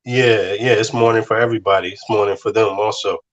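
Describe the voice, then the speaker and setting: A man's voice: fairly low pitch, steady tone, a little fast, highs cut off. A man joining a livestream as a guest, speaking earnestly and repeating his points for emphasis. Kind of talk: casual livestream chat.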